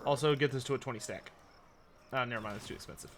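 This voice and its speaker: There's a noisy background behind this man as he streams a strategy game and talks fast at a medium pitch. He chats casually, thinks out loud, and responds to viewer questions.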